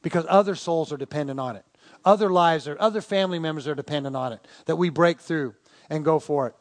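A man with a high voice preaches to his congregation in a folksy, animated way. He tells stories and throws out rhetorical questions, speaking as the pastor. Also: fast talker. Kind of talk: sermon.

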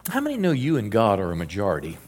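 A man's voice: lowish voice, wildly swooping pitch, fast, darkish tone. A middle-aged male pastor preaching a sermon in an earnest style, quoting scripture and often restarting his words.

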